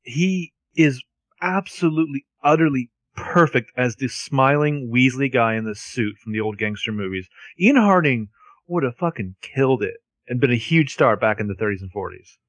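A man's voice: medium pitch, lively intonation, moderate pace, no echo. A man co-hosting a podcast, chatting casually and animatedly as he recaps a TV episode, often restarting his sentences. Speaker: podcast co-host.

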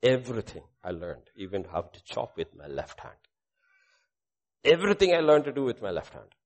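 A middle-aged male pastor preaching a sermon with a personal testimony, swinging between loud proclamation and hushed asides. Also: mid-range voice, big pitch swings, normal speed.

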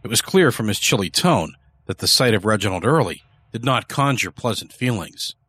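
A man narrating a horror story in a measured, dark storytelling manner. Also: fairly low pitch, lively intonation, breathy edge.

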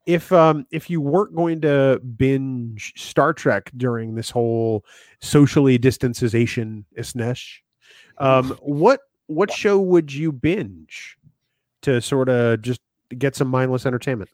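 A man's voice: mid-range voice, measured pace, darkish tone, dry recording. A man hosting a casual podcast, joking around and reading out listener comments. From New England. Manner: jokey, reads listener comments. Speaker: podcast host.

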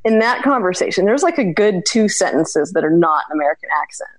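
A woman's voice: on the low side, sing-song, fast, dry recording, low-quality recording. A woman calling in to a live show, talking casually and searching for her words. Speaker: caller. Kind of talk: casual call-in chat.

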